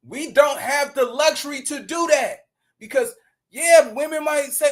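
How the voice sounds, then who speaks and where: High-voiced blunt man ranting. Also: measured pace. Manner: blunt, profane, animated. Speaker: commentary streamer. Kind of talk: casual reaction commentary.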